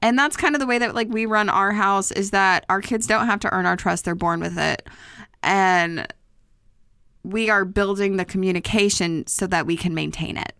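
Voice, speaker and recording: Chatty mom with a dry close sound. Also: female voice, medium pitch, normal speed, a bit bright, clean tone, dry recording. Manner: chatty, laughs easily. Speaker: podcast co-host. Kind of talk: casual parenting chat.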